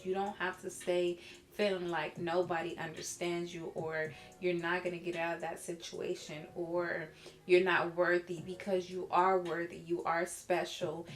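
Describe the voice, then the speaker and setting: Young woman vlogger, slightly low voice, heartfelt and reassuring talk to camera. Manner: earnest, encouraging, heartfelt. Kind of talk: casual vlog talk to camera.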